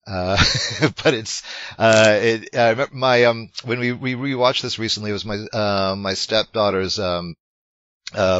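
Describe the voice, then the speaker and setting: A man's voice: lowish voice, bright, forceful tone, dry recording. A man co-hosting a film podcast, talking in casual discussion with many fillers and restarts. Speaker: podcast co-host. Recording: dull lo-fi sound.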